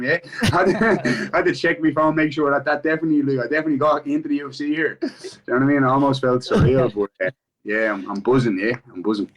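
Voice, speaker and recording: A man's voice: mid-range voice, poor audio. A man with an Irish accent, an MMA fighter being interviewed in casual chat, swearing freely and repeating "do you know what I mean" between thoughts.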